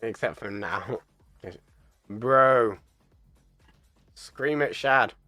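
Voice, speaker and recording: A man's voice: mid-range voice, extremely slow, pushed and bright, dry recording. Man, esports caster, casual stream chat, giggly and chatty, faint music behind. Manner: chatty, giggly, plays with silly voices.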